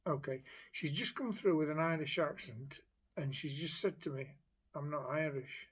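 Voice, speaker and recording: Chatty male psychic medium, slightly high voice. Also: moderate pace, husky. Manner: chatty, hesitant restarts, relays quotes. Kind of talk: spirit message monologue.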